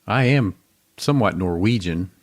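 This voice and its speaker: A man's voice: fairly low pitch, animated, moderate pace. A man co-hosting a podcast, laid-back and casual, often answering briefly. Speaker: podcast co-host. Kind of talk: casual chat.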